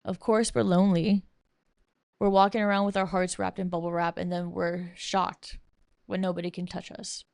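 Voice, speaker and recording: A woman's voice: on the low side, flat delivery, moderate pace, vocal fry, a little mellow, dry recording. A young woman hosting a podcast, ranting casually and bluntly with lots of swearing and sarcasm while reading from bullet points. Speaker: podcast host.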